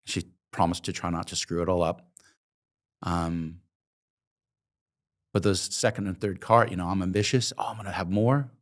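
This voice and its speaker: A man's voice: sits low, steady tone, moderate pace, long pauses. A man in his fifties from Oregon, telling his life story in an interview in a reflective, emotional way with many hesitant ums. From Oregon, USA. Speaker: guest, coffee company founder.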